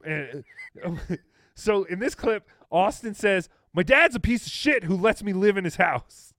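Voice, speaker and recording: Sarcastic, laughing podcast host. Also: male voice, high voice, expressive, unhurried, fairly bright tone, dry recording, clean studio sound. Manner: amused, sarcastic, laughing often. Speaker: podcast host reacting to clips. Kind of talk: casual commentary.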